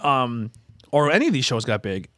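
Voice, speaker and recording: A man's voice: medium pitch, sing-song, normal speed, a bit bright, no room sound, clean studio sound. A man hosting a casual podcast chat, rambling loosely and restarting his sentences. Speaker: podcast host.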